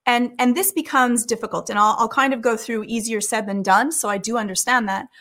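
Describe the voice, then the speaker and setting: A woman giving calm, earnest advice in a conversation, acting out the things people say to each other. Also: a little high, fairly quick. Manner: calm, earnest, acts out quoted speech.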